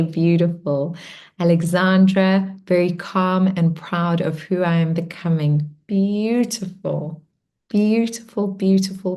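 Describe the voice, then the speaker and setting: Gentle woman leading an online meditation group. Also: fairly low pitch. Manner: gentle, encouraging, reads out chat comments. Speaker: meditation and spiritual workshop leader. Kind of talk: guided meditation close and live group check-in.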